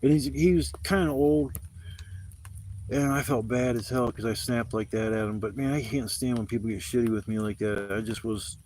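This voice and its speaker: A man's voice: mid-range voice, normal speed, darkish tone, slight background noise. A man livestreaming from a campsite, telling rambling stories in laid-back, slangy talk full of swearing. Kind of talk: casual rambling storytelling. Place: outdoors at a campsite in the rain. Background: faint rain.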